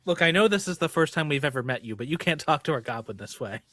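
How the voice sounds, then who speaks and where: A man's voice: a little high, lively intonation, fast talker, a bit bright. A man playing in a tabletop game, wry and joking as he talks in character. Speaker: player. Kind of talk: casual tabletop game chat.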